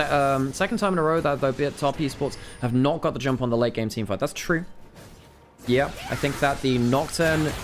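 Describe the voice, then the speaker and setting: A man doing live play-by-play commentary on an esports match. He shifts from calm analysis to exasperated outbursts, and he is worn out after a long week. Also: medium pitch. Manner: self-correcting, apologetic asides to viewers. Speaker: esports caster.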